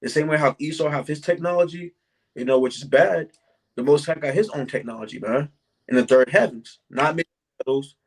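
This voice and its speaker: A man in an informal bible study who reads verses aloud slowly and deliberately, then explains them in casual talk. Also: fairly high pitch, rough recording.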